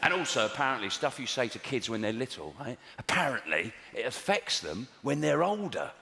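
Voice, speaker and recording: A man in his thirties or forties with a London accent, doing a stand-up comedy routine in a conversational, exasperated way with sudden high squeals for emphasis. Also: sing-song, a little fast, gravelly, slight background noise. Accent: London English. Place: large theatre stage before a live audience. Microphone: stage microphone. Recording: roomy hall reverb, loud audience laughter.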